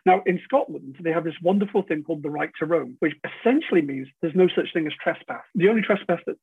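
A man's voice: fairly high pitch, husky. Middle-aged man telling a story over a tinny line. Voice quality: frequent stammered restarts and swearing. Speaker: podcast guest. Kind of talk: casual anecdotal storytelling.

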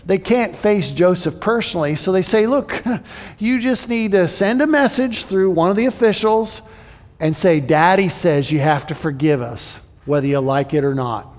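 A man preaching a sermon in an animated way, acting out the people in the story as he paraphrases them. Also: high-pitched, moderate pace, in a large hall. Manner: animated, voices the brothers and Joseph in paraphrase.

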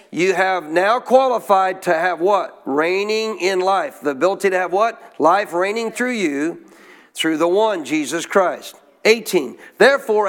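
A man with a high-pitched voice preaches a sermon with emphatic call-and-response. He keeps asking the congregation questions and urging them to say lines back to him. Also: a bit bright. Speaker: pastor.

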